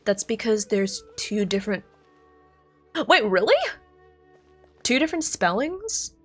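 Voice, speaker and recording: An American woman chats on a live stream with a lively, bouncing pitch, rambling and correcting herself as she goes. Faint music plays quietly behind her. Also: measured pace. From United States. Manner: chatty and rambling, thinks aloud, self-correcting. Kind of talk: casual chat with live stream chat.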